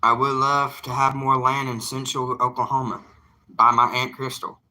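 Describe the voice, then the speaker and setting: A man's voice: medium pitch, little pitch movement, normal speed, bright, forceful tone. A young man with a Southern US drawl talking to his viewers in a casual vlog monologue, emphatic and folksy, repeating lines for emphasis. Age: young adult. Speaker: evangelist vlogger.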